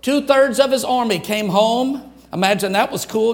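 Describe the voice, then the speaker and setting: An older man, preaching a folksy sermon and acting out quotes in lively voices. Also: very high-pitched, normal speed, few pauses. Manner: folksy, animated storytelling with acted quotes. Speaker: pastor.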